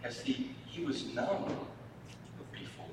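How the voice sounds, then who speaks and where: A man, a family therapist, giving a sermon-style talk to a church audience, with halting speech and repeated words. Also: noisy background. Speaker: marriage and family therapist speaking at a church event. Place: church hall. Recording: echoey hall from far off.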